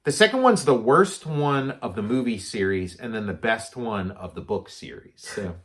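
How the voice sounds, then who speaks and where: A man's voice: on the low side, expressive, normal speed. A man co-hosting a casual chat about movies, rambling with lots of filler words. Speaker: podcast co-host.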